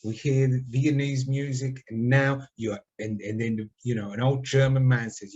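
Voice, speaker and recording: A man's voice: medium pitch, fairly even intonation, moderate pace, few pauses, darkish tone. A man with a mid-range voice chats casually as a podcast co-host, circling his ideas with restarts and fillers. The recording sounds a little dull and lo-fi. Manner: rambling, many restarts. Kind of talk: casual chat.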